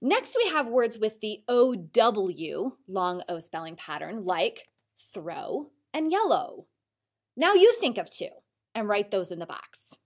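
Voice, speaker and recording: Slow, lively-voiced woman teacher. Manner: slow, clear, encouraging teacher voice with lively pitch. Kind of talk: recorded spelling lesson for children.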